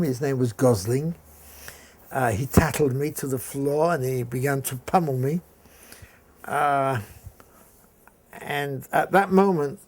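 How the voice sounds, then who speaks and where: An older man from England recounting a school memory in an interview, telling it haltingly with frequent restarts. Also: medium pitch, darkish tone. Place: indoor room.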